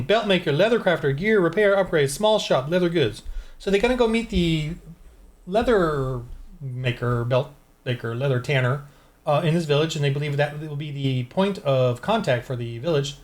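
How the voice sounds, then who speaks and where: A man who designs tabletop games, talking casually into a desk microphone and thinking aloud while he rolls dice to prepare a game. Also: on the high side. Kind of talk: casual solo game-prep walkthrough.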